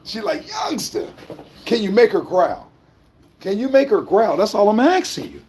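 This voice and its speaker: A man vlogging in rowdy, joking banter, loud and teasing, often repeating his lines. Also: high-pitched, sing-song, normal speed, slightly rough. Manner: loud teasing, repeats phrases, sing-song.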